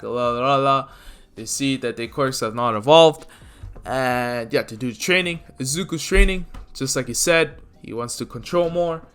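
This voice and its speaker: A man's voice: medium pitch, a bit bright, clear, resonant tone. A man casually narrating a fan story, rambling with many fillers. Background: faint lofi music.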